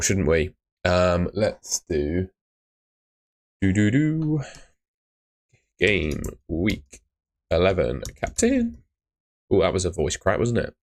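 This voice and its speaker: A young man chatting on a live stream, giving blunt fantasy football advice and often calling viewers "mate". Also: deep voice. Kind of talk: casual live-stream chat.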